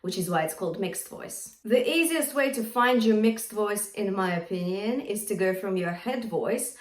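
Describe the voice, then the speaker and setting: Female vocal coach, clear encouraging teaching voice, echoey room, slightly distant mic. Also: medium pitch, animated, normal speed. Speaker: singing teacher. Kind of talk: vocal lesson with sung demonstrations.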